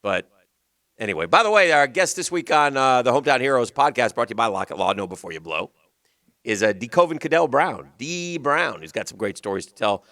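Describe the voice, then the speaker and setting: A male sports radio host with a slight Southern US accent, rambling in loose banter and sinking into a low mutter. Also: big pitch swings, fairly quick, pushed and bright, no echo. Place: radio studio. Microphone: studio microphone.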